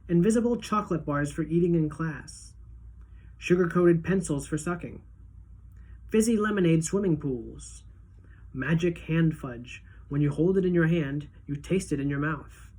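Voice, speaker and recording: A woman teacher reading a children's book aloud to a class, in a steady, clear storytelling manner. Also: low-pitched, moderate pace.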